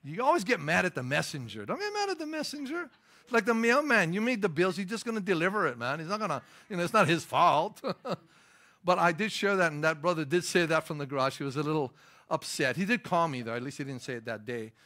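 A middle-aged male pastor preaching with a bright, forceful edge to his fairly high voice. He drives points home with sudden stressed lines, then drops into easygoing storytelling asides. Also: lively intonation, fast. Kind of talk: sermon.

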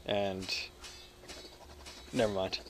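A man from the United States giving rambling gameplay commentary, loud and jokey with crude humor, swinging between yelling and mumbling. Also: deep voice, level tone, drawn-out words, slight background noise. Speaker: gaming video creator.

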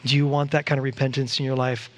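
A man preaching a church sermon, animated and acting out quoted voices to the congregation. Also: medium pitch, fast. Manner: animated, acts out voices of God and Satan. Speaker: pastor. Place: church sanctuary.

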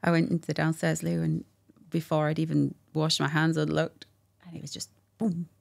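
A woman's voice: low-pitched, moderate pace, gravelly. A woman, a guest candidly telling a personal story with laughter and quoted dialogue. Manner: warm, laughing, animated retelling with quoted dialogue.

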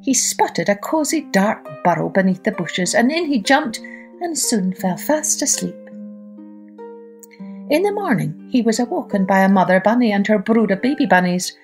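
A woman storyteller hosting a children's podcast, reading a folk tale aloud with great expression. Her voice rises and falls freely, and faint music plays softly behind her. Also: medium pitch, normal speed. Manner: lively, expressive read-aloud.

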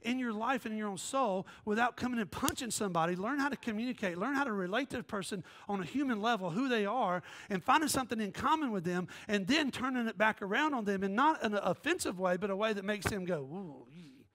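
A male pastor delivers a lively storytelling sermon, slipping in and out of quoted voices and jokes. His voice sits fairly high for a man. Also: fast, hardly any pauses. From American South. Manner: animated, joking, jumps between quoted voices.

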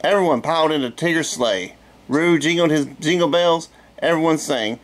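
A middle-aged man reading a children's storybook aloud in a relaxed way, with chatty asides. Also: a little high, moderate pace.

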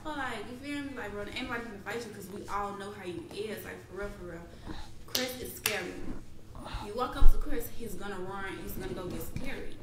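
A woman's voice: mid-range voice, brisk. A young woman streaming live, telling a heated story bluntly and with lots of swearing, acting out what others said. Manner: profane, blunt, acts out quoted voices. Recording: roomy echo with faint hiss.

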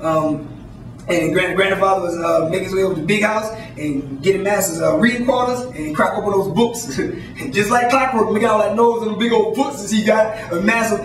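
A man telling a story live, halting with ums and restarts. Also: high voice. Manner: halting, many ums and restarts, laughs nervously. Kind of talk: live spoken-word storytelling. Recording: echoey room, distant mic.

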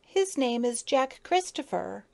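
A woman voicing a brave little young female honeybee in a storybook reading, high and earnest. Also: sing-song, slow, gravelly, a little mellow, exaggerated voice. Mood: pleading. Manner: high, pleading then fiercely defiant.

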